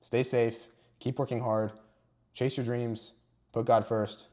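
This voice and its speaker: A man's voice: medium pitch, flat delivery, takes it slowly, mellow. A young man giving an earnest, emphatic motivational talk about faith to camera. He stresses and stretches key words and at times sounds emotional. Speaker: Christian motivational vlogger.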